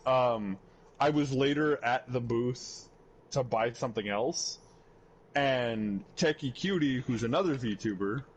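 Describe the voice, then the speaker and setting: A man's voice: mid-range voice, takes it slowly, muffled recording, a little hiss or hum. A young man chatting casually on a podcast, telling a long story with lots of fillers and swearing. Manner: rambling storyteller, acts out quoted voices, swears freely. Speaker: podcast host. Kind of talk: casual chat.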